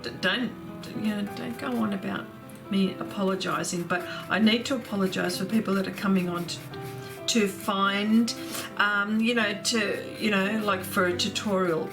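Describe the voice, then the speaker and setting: A woman runs an art livestream, chatting loosely and reading viewers' comments out loud. She's gushing and laughs often, speaking at a medium pitch.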